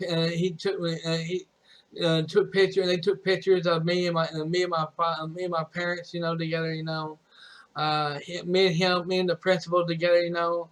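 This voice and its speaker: A man's voice: fairly high pitch, fairly bright tone. A young man telling a personal story in a rambling, casual way, with many restarts and some swearing. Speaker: streamer.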